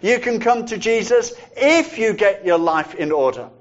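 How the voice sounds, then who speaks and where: A man preaching a sermon in a measured, reflective way, repeating phrases for emphasis. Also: high voice, lively intonation, highs cut off.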